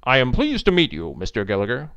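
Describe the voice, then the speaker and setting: A man's voice: mid-range voice, wildly swooping pitch, fast talker, fairly bright tone, smooth, no echo, muffled recording. A man voicing a literal-minded former AI in a new human body, speaking in a stiff, formal and stilted way.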